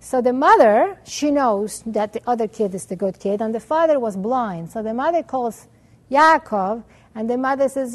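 A woman teaching religion through an animated story, with Hebrew terms woven in. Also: on the high side, normal speed. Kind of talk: storytelling lesson.

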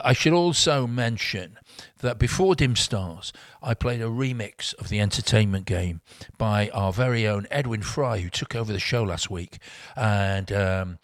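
A man's voice: on the low side, no echo. A man, a radio DJ back-announcing tracks in a rambling, self-mocking way with dry humour and lots of fillers. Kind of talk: casual radio chat between tracks.

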